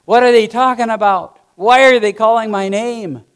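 A man's voice: high voice, moderate pace, smooth, pitched above the performer's own voice, natural voice. A man voicing a terrified male prisoner awaiting crucifixion, crying out in panicked, pleading outbursts. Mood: bewildered.

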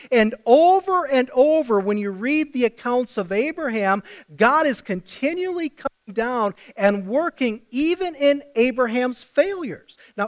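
A middle-aged male pastor delivers a sermon in a high voice. He speaks slowly and tells the story vividly, stopping again and again to ask the congregation questions.

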